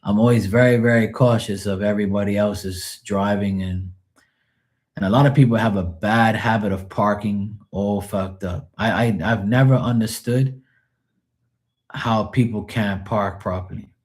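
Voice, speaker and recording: A man's voice: lowish voice, steady tone, moderate pace, a little mellow. A man in his forties chatting casually on a live stream, rambling through profane stories.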